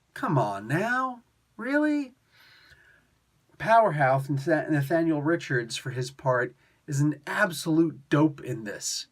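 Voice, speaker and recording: A young man hosting a casual review, talking in an animated, sarcastic and exasperated way with slangy asides. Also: a little high. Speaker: comic book reviewer.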